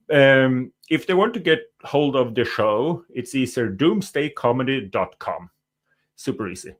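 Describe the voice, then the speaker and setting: Comedian guy on a call-in show, jokey and loose, ordinary pitch. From Norway. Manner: playful, joking, loose and quick. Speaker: stand-up comedian guest. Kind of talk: casual interview chat.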